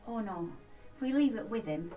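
A woman's voice: mid-range voice, expressive, normal speed, dark tone. A woman playing an elf in a tabletop game, hesitant and flustered, often repeating words. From England. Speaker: player. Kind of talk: in-character tabletop role-play. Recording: distant mic with background music.

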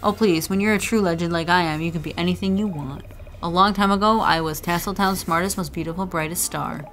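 A woman's voice: fairly low pitch, fairly even intonation, fairly quick, fairly bright tone, soft background music, close to an everyday voice. A woman reading aloud the lines of a vain, snobby young woman from a game, in a haughty, dismissive tone.

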